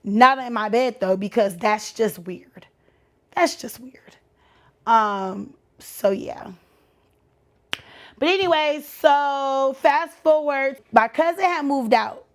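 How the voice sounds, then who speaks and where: A young woman from Texas with a Texan accent, telling a story on her podcast in a casual, animated, slangy way, acting out the voices of the people in it. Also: high voice, takes it slowly. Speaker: podcast host.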